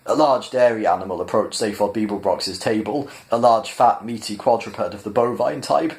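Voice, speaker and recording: A man reads a science fiction novel aloud, chapter by chapter. His voice is low, and his narration is measured and plain. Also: darkish tone. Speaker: reader. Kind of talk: audiobook-style storybook reading.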